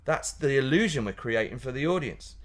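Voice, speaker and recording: A man chats as a guest in a relaxed interview, lively and quick to laugh. He keeps tripping into restarts and side comments, and his voice sits at an ordinary middle pitch. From Yorkshire, England. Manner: animated, laughing, many restarts. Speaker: pantomime comedian guest. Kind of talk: casual interview chat.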